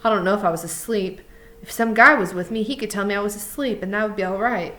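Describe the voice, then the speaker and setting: A woman reading aloud, voicing a bitter, lonely older stable hand in a slow, brooding drawl. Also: mid-range voice, a bit bright, a little hiss or hum, pitched above the performer's own voice, natural voice.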